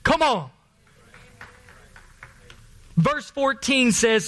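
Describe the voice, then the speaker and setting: A man preaching a sermon in a folksy, animated storytelling way, calling out to his congregation. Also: high voice, measured pace. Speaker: pastor.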